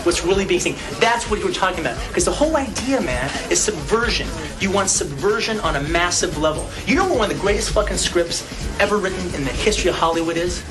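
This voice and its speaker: A man's voice: high-pitched, lively intonation, quick pace. An actor playing a brash man who rants, with a lot of swearing, about what a movie is really about. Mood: ranting. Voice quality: profane and emphatic. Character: brash man ranting about a film's hidden meaning. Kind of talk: film scene dialogue. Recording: film clip with music behind.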